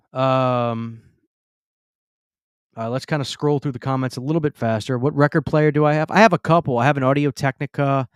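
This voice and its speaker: A man's voice: medium pitch, fairly even intonation, moderate pace, long pauses, smooth, dry recording, clean studio sound. A man from the Southern US hosting a casual live Q&A stream, reading viewer comments and stammering through restarts. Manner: chatty, stammers, reads viewer comments aloud. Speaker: livestream host. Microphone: close studio mic.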